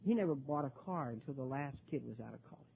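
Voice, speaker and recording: An older man telling his own recovery story at a meeting, halting and repeating words, his voice rising when he gets worked up. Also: mid-range voice, animated, vocal fry, a little hiss or hum. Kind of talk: personal testimony talk. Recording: tinny phone-like recording.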